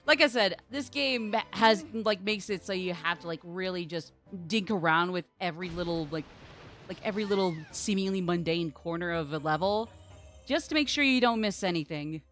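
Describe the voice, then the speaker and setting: A woman's voice: on the low side, lively intonation, moderate pace, fairly bright tone, soft background music. A woman streamer giving casual, rambling gameplay commentary, full of "like" and playful swearing.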